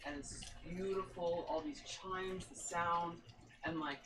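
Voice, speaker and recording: A low-pitched woman, a podcast guest, tells her story with eager enthusiasm and keeps breaking into laughter. She sits some distance from the mic, and a clear layer of background noise runs under her voice. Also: steady tone, slow. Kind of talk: casual podcast chat.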